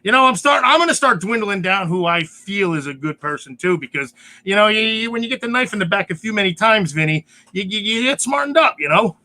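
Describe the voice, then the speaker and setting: A man co-hosting a casual podcast chat, excitable and ranting, often raising his voice to a shout. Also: high-pitched, a little fast. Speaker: podcast co-host.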